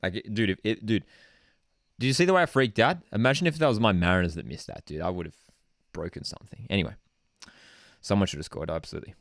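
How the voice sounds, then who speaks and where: Excitable Australian man calling football live. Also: lowish voice, fast talker, long pauses, no room sound, studio quality. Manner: excitable, swings between shouting and muttering, says "dude" often. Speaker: football channel host. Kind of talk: live match watchalong commentary.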